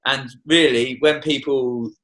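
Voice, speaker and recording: A man's voice: medium pitch, fairly even intonation, slow pace, fairly bright tone, poor audio. A young Australian man, a tour guide, talking passionately and swearing freely as a guest in a podcast studio. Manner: passionate, heavy swearing, preachy. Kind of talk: casual podcast conversation.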